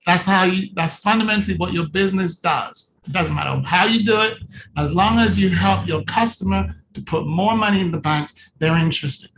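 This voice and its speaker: A coach giving a live presentation on a video call. The delivery is animated and playful, with little scenes acted out. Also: medium pitch, moderate pace, noisy background. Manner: animated and playful, acts out little scenes while talking to a participant. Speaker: coach presenting at a virtual summit.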